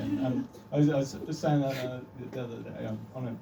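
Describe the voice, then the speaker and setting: A man's voice: medium pitch, steady tone, brisk, vocal fry, warm tone. An Australian man with an Australian accent performing a stand-up comedy set in a dry, self-deprecating way. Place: comedy club stage. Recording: distant club recording with room noise.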